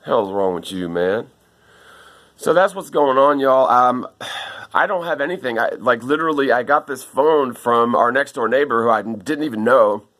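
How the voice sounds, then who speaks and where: A man's voice: medium pitch, lively intonation, moderate pace, a bit bright. A man, speaking into a phone camera and pleading with his viewers for help. He rambles in an upset way and keeps saying "man" and "dude.". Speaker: vlogger asking viewers for help. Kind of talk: casual video monologue.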